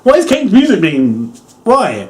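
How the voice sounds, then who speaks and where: Young male reviewer, lively pitch, rambling and amused, casual swearing. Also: measured pace, a little hiss or hum. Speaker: wrestling reviewer.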